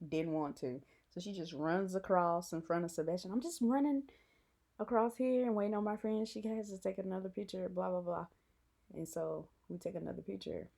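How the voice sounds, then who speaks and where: Young woman vlogger, low mellow gravelly voice, chatty excited fangirl storytelling. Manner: animated, giggly fangirl retelling with acted quotes. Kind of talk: casual storytelling to camera.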